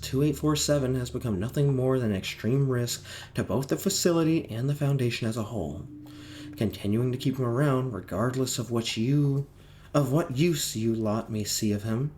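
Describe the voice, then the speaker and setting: A man voicing a calculating male agent in a flat, deliberate monotone. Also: medium pitch, a little hiss or hum, lightly acted. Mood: cold.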